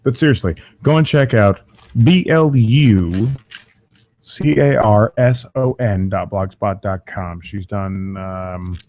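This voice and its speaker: A man's voice: on the low side, unhurried, hardly any pauses. A man hosting a crude comedy podcast, swearing and mocking the news, his voice strained. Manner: profane, mocking, animated. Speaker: podcast host.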